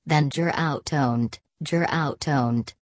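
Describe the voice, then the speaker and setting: A woman voicing a drunken, brutish male coal miner who shouts in broad dialect. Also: fairly high pitch, takes it slowly, no echo, studio quality. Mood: angry. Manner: gruff dialect speech, shouting.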